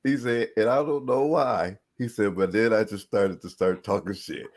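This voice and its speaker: A man's voice: on the low side, normal speed. A man co-hosting a sports podcast in casual chat, animatedly retelling players' stories with slang and cursing. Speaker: podcast co-host. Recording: live stream call.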